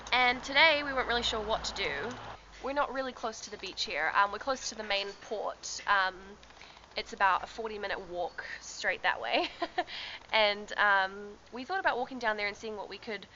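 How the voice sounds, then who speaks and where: Chatting to her handheld camera at a moderate pace, a young woman shares a travel story for her vlog, laughing frequently and using plenty of ums and likes. She has a medium-pitched, pushed and bright voice, and the audio is dull with slight hiss or hum.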